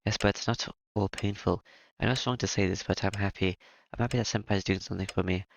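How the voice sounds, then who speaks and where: A man reading aloud and voicing a gentle young woman who sounds guilty and apologetic. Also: low-pitched, steady tone, fast talker, vocal fry, no echo, muffled recording. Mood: rueful. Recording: music playing behind.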